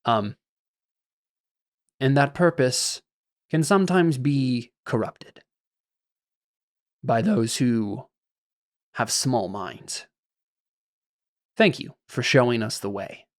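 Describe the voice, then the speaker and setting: A man voicing a calm, wise male digital being who speaks in slow, measured pronouncements. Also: medium pitch. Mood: solemn.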